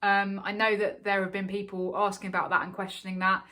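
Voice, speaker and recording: A woman's voice: medium pitch, level tone, brisk, pushed and bright. A woman co-hosting a cricket podcast, talking casually with lots of fillers and restarts. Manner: chatty, many fillers and restarts. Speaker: podcast co-host.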